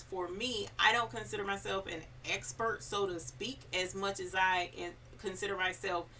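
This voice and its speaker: A woman's voice: mid-range voice, sharp tone, recorded from a distance, a little hiss or hum. A woman hosting a casual live stream, chatty and encouraging, reading viewer comments aloud. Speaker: embroidery channel host.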